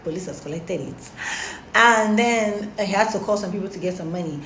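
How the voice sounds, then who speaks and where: A young woman telling a story casually to her followers, animated and slangy. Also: mid-range voice, normal speed, slight background noise. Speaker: storytime vlogger. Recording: roomy echo, faint background.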